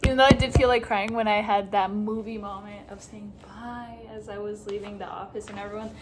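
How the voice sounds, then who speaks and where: A woman's voice: mid-range voice, fairly even intonation, a little fast, soft background music. A woman in her twenties talking casually to camera in a chatty, upbeat vlog, giving advice and slipping in Spanish words. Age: 20s. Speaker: vlogger. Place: home kitchen.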